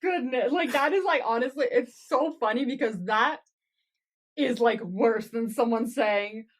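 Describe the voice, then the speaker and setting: High-voiced woman, giggly and expressive. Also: a little slow. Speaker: podcast co-host. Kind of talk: casual recap chat.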